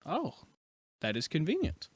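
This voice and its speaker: A glum, hesitant adventurer, played by a man who stumbles through his words in a tabletop role-play. His pitch swings very widely. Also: wildly swooping pitch, slightly rough, dry recording, clean studio sound, heavily acted. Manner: hesitant, halting, full of fillers.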